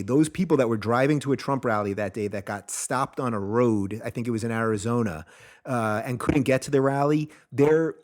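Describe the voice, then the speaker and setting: A man in his thirties, a guest on a podcast, speaking emphatically and persuasively, his voice a bit hoarse. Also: mid-range voice. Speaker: podcast guest, talk show host. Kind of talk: casual interview chat.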